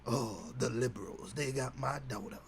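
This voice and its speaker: A man's voice: medium pitch, normal speed, gravelly, lightly acted. A man voicing a bitter, self-pitying divorced middle-aged dad who rants about his lot, with faint hum behind. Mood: aggrieved whining. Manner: aggrieved self-pitying rant.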